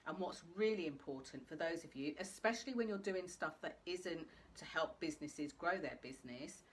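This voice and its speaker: A woman with a notably low voice hosts a live video talk. She is chatty and speaks straight to her viewers, with faint noise in the background. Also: expressive, moderate pace. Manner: chatty, addresses viewers directly. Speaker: host.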